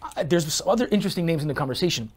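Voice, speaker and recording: A man co-hosting a sports show, talking football in a casual, analytical way with quick restarts. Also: on the high side, animated, slightly rough. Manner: fast, talkative, analytical with frequent restarts.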